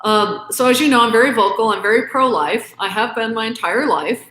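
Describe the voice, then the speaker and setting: A woman's voice: fairly high pitch, a little fast, fairly bright tone. Emphatic woman in an echoey room. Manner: earnest, emphatic, quotes arguments back and forth. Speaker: interview guest, author. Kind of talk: impassioned interview talk.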